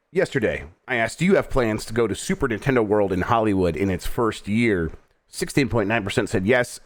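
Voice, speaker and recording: A middle-aged American man hosting a game news show, reading headlines and then riffing on them in an easygoing way with lots of fillers. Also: on the low side. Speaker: host. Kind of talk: casual news chat.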